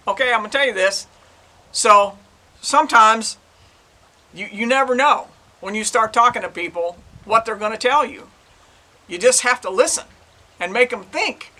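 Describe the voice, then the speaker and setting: A man's voice: high voice, lively intonation, normal speed, long pauses, bright, forceful tone, low-quality recording. An older man, a retired police detective, casually telling a case story in a chatty, rambling way and retelling the dialogue. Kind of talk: casual true-crime storytelling.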